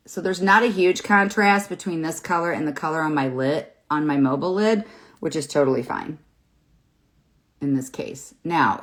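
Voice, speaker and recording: A woman in her fifties hosting a live makeup tutorial, chatty and encouraging, rambling a little with fillers as she works on camera. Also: low-pitched. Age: 50s. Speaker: makeup seller and host. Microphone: phone or webcam in front of her.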